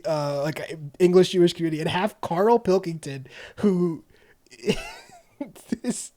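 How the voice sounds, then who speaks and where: Man podcast co-host, slightly high voice, lively, laughs a lot, casual chat. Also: a little slow. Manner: animated, laughs often, lots of restarts.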